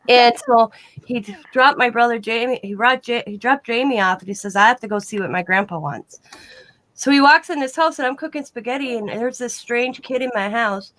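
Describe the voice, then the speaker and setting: This guest on a live online program tells long, meandering personal stories casually, reading out each person's lines in her ordinary voice. Slightly high and fairly bright, she talks at a normal speed with no echo.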